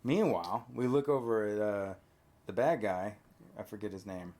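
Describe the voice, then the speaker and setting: A man's voice: on the low side, moderate pace. A man telling a movie plot in casual chat, quizzing a child with questions and tag questions. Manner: animated storyteller, prompting with questions. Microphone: on camera.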